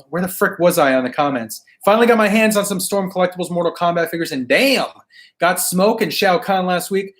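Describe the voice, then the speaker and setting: A man hosting a live stream, his voice going hoarse as he loses it. He sits a little higher in pitch than most men and keeps things laid-back and slangy, chatting with viewers and laughing easily between comments. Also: fairly bright tone. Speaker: toy collecting live stream host.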